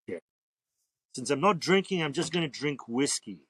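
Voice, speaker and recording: A man's voice: mid-range voice, very animated, brisk, a bit bright, no room sound. A man speaking as a tattoo artist guest on a podcast, telling rambling, profane stories in a laid-back way. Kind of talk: casual storytelling interview.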